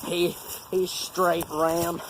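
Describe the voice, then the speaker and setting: A man's voice: fairly high pitch, little pitch movement, drawn-out words. Profane young man rambling. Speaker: cameraman. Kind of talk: casual rambling storytelling. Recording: noisy outdoor camera audio.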